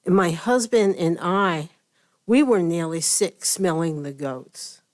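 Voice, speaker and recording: A woman neighbor giving a deliberate statement during public comment at a county meeting. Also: lowish voice.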